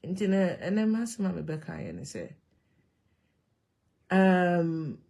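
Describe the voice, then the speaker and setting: A woman with a Ghanaian accent talking to camera in an animated, emphatic way, switching between Twi and English. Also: on the low side, slow, creaky. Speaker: vlogger. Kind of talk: casual monologue to camera.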